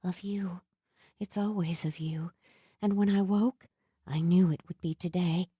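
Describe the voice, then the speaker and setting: A woman reading an audiobook, voicing a trusting young woman in love who speaks softly, sometimes in a breathy murmur. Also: on the low side, fairly even intonation, moderate pace, no room sound. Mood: tender.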